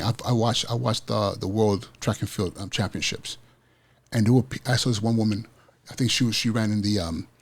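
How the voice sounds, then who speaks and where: Husky-voiced man giving a passionate pep talk. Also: fairly low pitch. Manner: passionate, repetitive, emphatic preaching cadence. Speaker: podcast host, school principal. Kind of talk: motivational podcast monologue.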